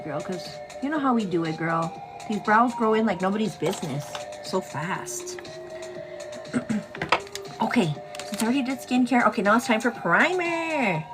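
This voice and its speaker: A woman hosting a casual get-ready-with-me makeup show, chatting affectionately and greeting viewers in a sing-song way. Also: on the high side.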